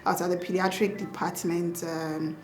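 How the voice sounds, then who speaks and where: A young woman doctor with a Ghanaian accent, telling lively stories in a casual interview and laughing often. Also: fairly low pitch, normal speed, faint music behind. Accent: Ghanaian English. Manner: animated, laughing, acts out quotes. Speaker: pediatric doctor and mother, guest.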